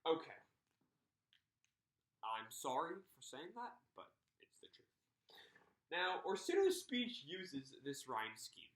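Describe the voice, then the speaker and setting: Animated young man teaching in an echoey room. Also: a little high, slow pace, pauses often. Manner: animated, teasing, acts out lines with emphasis. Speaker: literature teacher. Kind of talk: video lesson.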